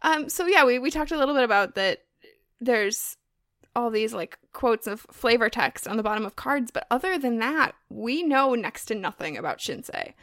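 A woman's voice: a little high, big pitch swings, normal speed, fairly bright tone, dry recording, clean studio sound. A woman co-hosting a podcast in casual chat, joking, laughing often and swearing freely. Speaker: podcast co-host.

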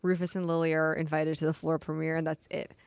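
A young woman with a slightly low voice chats casually about a TV episode, sprinkling "like" everywhere. The sound is dry and close to the mic. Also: quick pace, clear, resonant tone, no echo. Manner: chatty, peppered with "like", animated retelling. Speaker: podcast co-host. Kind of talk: casual TV recap chat.

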